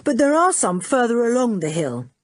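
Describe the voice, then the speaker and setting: A woman voicing a confident, cheerful teenage boy who talks in a brisk, reassuring, hearty way in a storybook reading. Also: on the high side, very animated, dry recording, voice pushed up.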